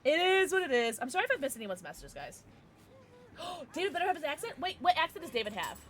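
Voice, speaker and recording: A woman streaming a game and chatting casually with her viewers, excitable and quick to thank them. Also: sits high. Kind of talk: casual livestream chat while gaming.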